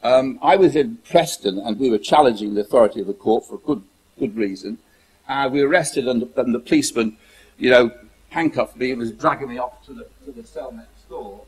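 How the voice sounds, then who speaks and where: A man from the United Kingdom talks in a husky, slightly breathy voice at an ordinary pitch. He speaks emphatically and repeats his phrases as he recounts events. He acts out the dialogue in his story. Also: a little fast, darkish tone, poor audio. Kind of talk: monologue telling a personal story.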